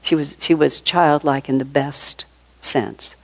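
An older woman with a fairly low voice gives a relaxed spiritual talk. She tells anecdotes in a chatty, storytelling way and breaks into laughter often. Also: takes it slowly, low-quality recording. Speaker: spiritual teacher.

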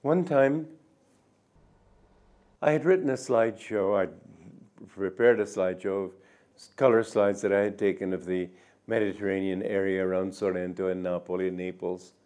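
An older man giving a reflective spiritual talk, speaking gently and musingly, with soft drawn-out endings. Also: low voice, fairly even intonation. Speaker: spiritual teacher.

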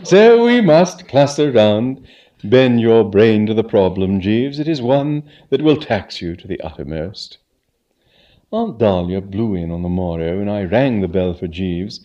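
A man reading a comic story aloud, playing a chatty, flustered young gentleman who halts with fillers. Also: fairly low pitch, recorded from a distance, muffled recording. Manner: lively, halting with fillers.

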